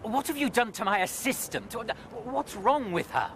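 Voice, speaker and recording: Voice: medium pitch, very animated, moderate pace. An actor playing an indignant, scolding traveller. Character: indignant traveller protecting an assistant. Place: outdoors in a city street. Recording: outdoor take with loud traffic noise.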